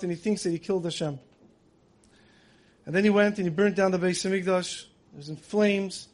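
High-voiced man preaching dramatically. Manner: vivid, acts out quoted voices. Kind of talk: dramatic sermon storytelling.

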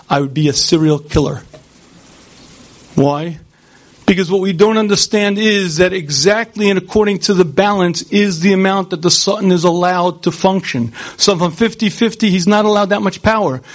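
A man delivers a Torah lecture in an animated, rhetorical way, talking directly to the listeners. His voice sits high for a man.

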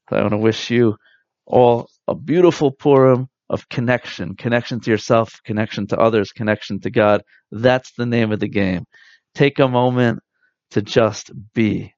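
A man, likely in his thirties, giving an earnest, reflective spiritual talk with soft pauses. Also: mid-range voice, no room sound. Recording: dull dry lo-fi sound.

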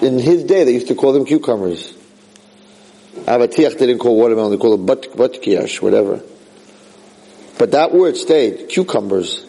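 A man gives a spirited Torah lesson, weaving in Hebrew phrases and acting out quotations with abrupt high-pitched outbursts. The recording is rough.

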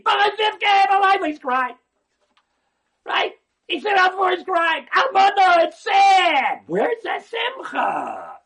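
A man giving an animated religious talk, swinging from hushed asides to near-shouting and often repeating words. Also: high-pitched.

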